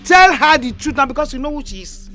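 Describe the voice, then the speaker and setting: An actress playing a scornful, sharp-tongued first wife in a Nigerian film, mocking her rival; Nigerian accent. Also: sits high, animated, fast talker, faint music behind. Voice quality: mocking, taunting. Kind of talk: Nollywood film acting.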